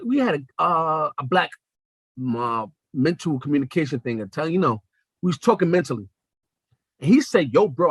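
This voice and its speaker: A young man hosting a podcast, telling a comedic story in a profane, animated way and acting out the quotes. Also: high-pitched, slightly rough, no room sound. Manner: animated, profane, acts out quotes in shifting voices. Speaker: podcast host.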